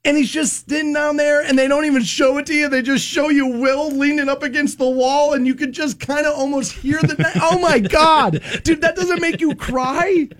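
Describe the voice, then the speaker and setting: High-voiced excitable radio host. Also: male voice, moderate pace, few pauses, dry recording, studio quality. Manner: animated, shouting storyteller who laughs at himself. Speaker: radio morning show host. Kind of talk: excited radio banter and promo reads. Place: radio studio.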